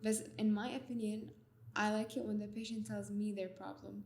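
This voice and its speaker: Fast-talking woman. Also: medium pitch, creaky. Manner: rapid, animated storytelling with Arabic code-switching. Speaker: doctor, guest. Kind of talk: casual interview chat.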